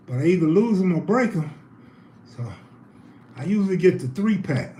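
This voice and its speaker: Man, high voice, out of breath, casual live stream chat, roomy echo, faint hum. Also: darkish tone. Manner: loose, joking, chatty slang.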